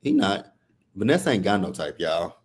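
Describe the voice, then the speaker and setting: A man co-hosting a casual live review chat, relaxed and chuckling, often restarting his sentences. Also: low voice, normal speed, slightly rough. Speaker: co-host.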